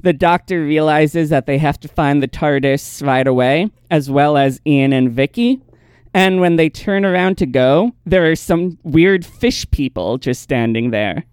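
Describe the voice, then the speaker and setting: A man's voice: a little high, unhurried, clear, resonant tone, no echo, clean studio sound. A man hosting a podcast, casually recapping episodes and laughing easily between points. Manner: relaxed storyteller, laughs easily. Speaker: podcast host.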